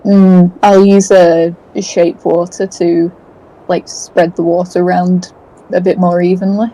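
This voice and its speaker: A woman's voice: fairly low pitch, flat delivery, unhurried, mellow, low-quality recording. Playful British woman playing a game. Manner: playful, giggly. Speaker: player.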